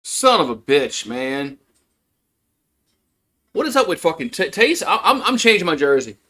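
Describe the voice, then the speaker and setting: Frustrated fan calling a live game. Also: male voice, on the high side, sing-song, moderate pace, pushed and bright. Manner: frustrated, swears, repeats himself. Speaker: fan play-by-play streamer. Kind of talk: casual live play-by-play commentary.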